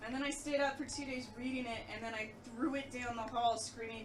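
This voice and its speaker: A woman with a slightly high, steady voice chats casually and briskly with a streamer in his room during a game stream, swearing freely and laughing often. She's recorded from a distance, off-mic, with background noise.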